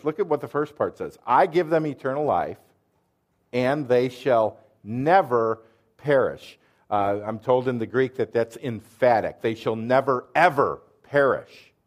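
A man preaching a sermon, explaining verses earnestly and quizzing his listeners with questions. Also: mid-range voice. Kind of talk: sermon with quiz questions to the audience.

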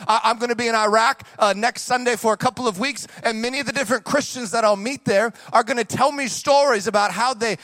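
A young adult man preaching a sermon as pastor, animated, moving from quick hushed asides to drawn-out shouted emphasis, with casual slang asides to the congregation. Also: very high-pitched, no echo.

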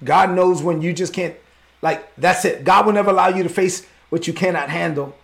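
A man's voice: high-pitched, moderate pace, vocal fry. A man preaching a sermon as pastor, fervent and openly emotional.

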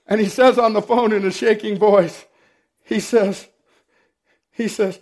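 A middle-aged man preaching a sermon, telling personal stories with dry humor and often clearing his throat. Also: sits high, takes it slowly, pauses often, a little mellow. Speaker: pastor.

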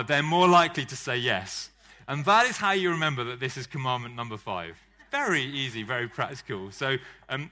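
Bright-voiced man preaching. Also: mid-range voice. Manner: conversational, joking, self-deprecating. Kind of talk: sermon.

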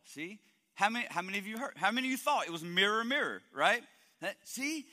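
Male pastor, high bright voice, joking sermon delivery, long church-hall reverb. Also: fast talker. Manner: energetic, joking with the congregation.

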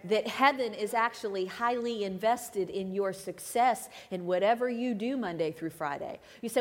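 A woman's voice: mid-range voice, normal speed, few pauses. Woman preaching in a reverberant church. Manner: conversational, dramatic shifts between loud and hushed. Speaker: guest preacher. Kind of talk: sermon. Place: church sanctuary. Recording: long hall reverb.

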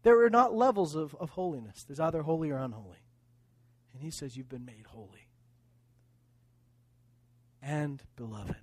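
A man preaching a sermon as pastor, with emphatic repeated phrases, swinging from quiet to loud. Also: medium pitch, breathy edge, no echo.

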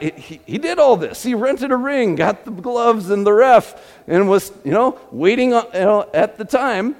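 A man's voice: sits high, animated, normal speed, few pauses. A man preaching a sermon, telling stories with many fillers and restarts. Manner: storytelling with repeated fillers and restarts. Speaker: pastor. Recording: long hall reverb.

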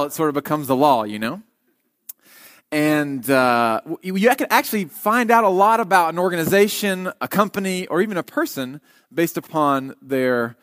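A man's voice: a little high, fairly bright tone. A man, a guest preacher, giving a conversational sermon and reading scripture aloud. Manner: conversational, with fillers.

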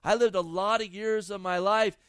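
High, smooth-voiced pastor preaching passionately. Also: male voice, fairly even intonation, normal speed, a bit bright, dry recording. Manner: impassioned preaching with repeated phrases. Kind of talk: sermon. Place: outdoors in a garden.

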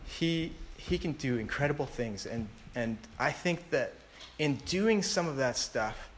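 A man's voice: medium pitch, expressive, measured pace, a little hiss or hum. A man in his thirties giving a personal testimony in a rambling way, with many fillers and restarts. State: tearful. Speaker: speaker sharing a testimony.

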